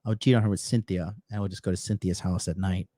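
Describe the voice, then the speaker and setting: A man's voice: low voice, steady tone, fast talker, dark tone, no room sound. A man telling brash, profane, boastful stories in a casual podcast conversation. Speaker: podcast guest.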